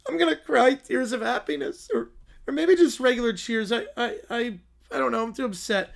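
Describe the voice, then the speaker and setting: A man's voice: very high voice, moderate pace, creaky. A man voicing a sulky, tearful bald little boy who whines and cries as he complains. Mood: sobbing. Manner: whining, crying outbursts.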